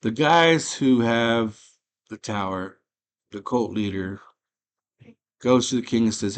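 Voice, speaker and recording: A man casually retelling a movie plot in rough slang, breaking into loud put-on voices for the characters. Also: medium pitch, slow pace, long pauses. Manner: rough slangy street talk. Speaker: movie chat host.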